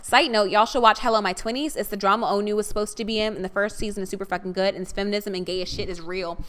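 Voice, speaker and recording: Bright-voiced young woman, chatty. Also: medium pitch, steady tone, fast talker. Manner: chatty, affectionate, calls listeners "honey". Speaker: podcast co-host. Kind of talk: casual chat reading viewer comments.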